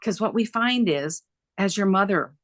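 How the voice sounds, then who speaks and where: A middle-aged woman speaking as an interview guest, her delivery animated and emphatic as she recounts events and leans on repetition. Her voice sits at an ordinary pitch for a woman. The sound is dry and close, with no room echo. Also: normal speed. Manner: animated, emphatic, repeats phrases for effect. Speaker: guest, dementia care coach. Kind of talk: conversational interview storytelling.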